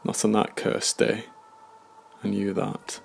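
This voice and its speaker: Man, horror story narrator, heavy vocal fry, measured, somber. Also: lowish voice, monotone, slight background noise.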